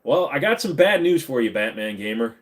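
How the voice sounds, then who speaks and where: A man chats casually on a livestream from his home computer room, reading viewers' questions aloud and answering them. His voice sits at an average pitch, and he rambles, jokes and drifts between topics in a loose, offhand way. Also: big pitch swings, fairly quick. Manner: rambling, jokey, reads and answers chat questions. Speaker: livestream host answering chat.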